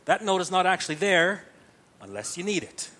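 A man's voice: high-pitched, sing-song, normal speed, pushed and bright. A man teaching Gregorian chant to a group, explaining patiently step by step and often checking in with "right?".

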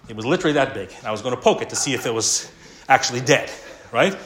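A middle-aged man preaching a sermon, telling a story and moving between loud bursts and hushed asides. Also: mid-range voice, lively intonation, racing, slight background noise. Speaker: pastor.

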